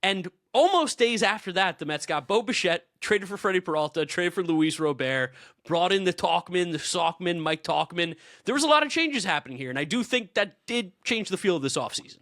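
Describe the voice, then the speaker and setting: A man co-hosting a podcast in casual sports chat, animated and opinionated, laughing easily. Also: high voice, fairly quick, dry recording, clean studio sound. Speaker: podcast co-host.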